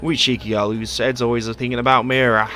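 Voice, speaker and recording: A man's voice: mid-range voice, fast talker, sharp tone, soft background music, close to an everyday voice. A man voicing a chatty middle-aged market merchant and father, in a folksy put-on Scottish-style lilt. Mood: friendly.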